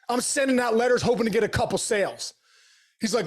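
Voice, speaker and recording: A middle-aged man, a guest on an interview show, telling stories in an energetic, animated way with slangy asides. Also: very high-pitched, a little fast, slightly rough. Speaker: podcast guest, former pro baseball player. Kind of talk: casual storytelling interview.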